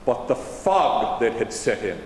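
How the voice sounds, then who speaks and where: A man's voice: medium pitch, big pitch swings, a little slow, darkish tone, roomy sound, big-room sound, a little hiss or hum, rough recording. A man interpreting a historical general on stage, speaking in formal eighteenth-century phrasing, recorded in a large auditorium. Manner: formal 18th-century diction. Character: General George Washington, dignified older statesman. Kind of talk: first-person historical portrayal.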